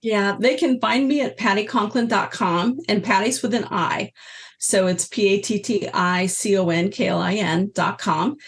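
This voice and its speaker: In a relaxed interview, a guest in her sixties who works as an energy healer and teacher tells lively stories and performs the voices of the people she quotes. Her voice is mid-range and her pace moderate.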